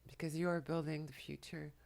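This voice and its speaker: A tearful woman at home, speaking to the camera in a soft, halting way while relaying messages, often dropping to a whisper. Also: low-pitched, flat delivery, creaky. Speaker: spiritual channeler and makeup vlogger. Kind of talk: emotional channeling talk to camera. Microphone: camera mic, speaking to the camera.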